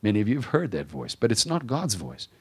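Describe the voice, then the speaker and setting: A man preaching a sermon in a conversational, self-deprecating way, rising in pitch and volume for emphasis and slowing on key phrases. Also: big pitch swings, gravelly, husky. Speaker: pastor.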